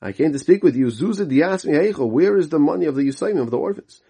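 A man's voice: on the high side, lively intonation, fast, vocal fry, warm tone, husky. Man teaching Talmud aloud, phrase by phrase. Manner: reads the Aramaic text aloud, then explains it in English; repeats and restarts words while explaining. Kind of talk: daily Talmud study lesson.

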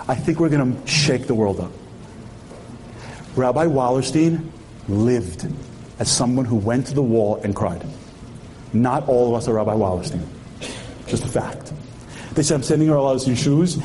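A man's voice: medium pitch, moderate pace, pauses often, dark tone, a little hiss or hum. A man giving an impassioned sermon-like speech at a memorial tribute, firing rhetorical questions at the audience and weaving in Hebrew terms.

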